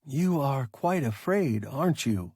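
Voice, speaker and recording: A man voicing a large, calm and philosophical alien creature that speaks in a measured, reasonable way. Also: medium pitch, slightly rough, no echo, studio quality. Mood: calm reasoning.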